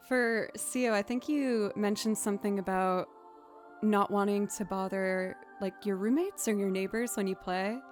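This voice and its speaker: A young woman chats on a live music stream in a casual, self-deprecating way, encouraging her viewers between takes. Her voice sits at a middle pitch, and soft music plays faintly underneath. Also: steady tone, a little slow.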